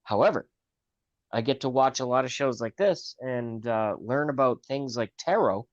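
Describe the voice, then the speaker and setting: A man's voice: medium pitch, normal speed, no echo. Wry man on a dry call line. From United States. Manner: wry, joking, talks in meandering asides. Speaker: livestream guest on a call. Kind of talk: casual call-in chat. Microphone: video call. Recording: dry, dull lo-fi call audio.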